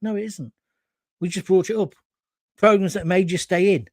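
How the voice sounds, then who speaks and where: A man's voice: high voice, normal speed, no room sound. A man hosting a live talk show, reading out viewer comments and rambling through anecdotes on a close mic. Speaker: host.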